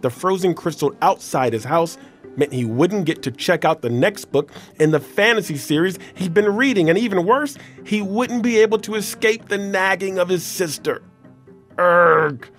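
A man's voice: high voice, moderate pace, soft background music. Man reading a children's story aloud. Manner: expressive, playful storytelling. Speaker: story reader.

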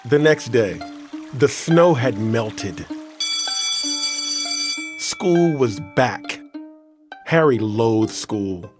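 A man reading a children's story aloud in a playful, expressive way. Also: mid-range voice, very slow, long pauses, music in the background. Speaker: story reader.

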